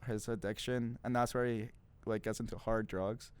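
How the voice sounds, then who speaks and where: A man's voice: on the low side, steady tone, normal speed, darkish tone, smooth. A young man co-hosting a casual podcast, rambling with lots of fillers and frequent laughter. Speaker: podcast co-host. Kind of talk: casual chat. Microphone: studio mic.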